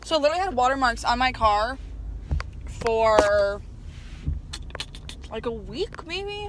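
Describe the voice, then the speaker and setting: A young woman with a fairly high voice talks to her phone camera in a chatty, flustered way, filling her sentences with "like" and "literally". She is recorded in her car and out at a car wash, with clear traffic and engine noise behind her. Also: lively intonation, measured pace, pauses often. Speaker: vlogger. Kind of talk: casual vlog chat.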